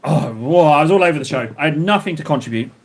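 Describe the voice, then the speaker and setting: Talking fast and expressively in a slightly high voice, this streamer bantes with his chat while painting miniatures. His talk is rambling and full of jokes.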